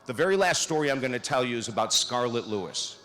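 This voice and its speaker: Male motivational speaker, storytelling address in a large hall, swings from upbeat to hushed. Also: mid-range voice, animated, fast talker. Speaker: commencement speaker. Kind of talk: motivational speech.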